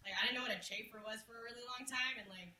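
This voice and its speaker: A woman's voice: fairly high pitch, very fast, crowd noise. A woman guest in a casual chat who talks loosely, swears, and laughs often. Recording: echoey room with clear background noise.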